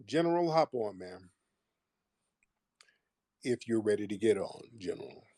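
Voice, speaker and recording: Male call-in host, low husky voice, combative, mocking banter. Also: big pitch swings, measured pace, dark tone, no echo, clean studio sound. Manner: combative, trades insults and mockery with callers. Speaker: host of a live audio call-in show. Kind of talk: casual call-in chat.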